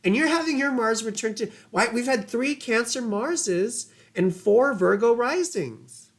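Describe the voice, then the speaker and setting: A woman's voice: a little high, lively intonation, measured pace. A woman astrologer giving casual livestream chart readings, rambling and chatty with laughing asides and casual swearing.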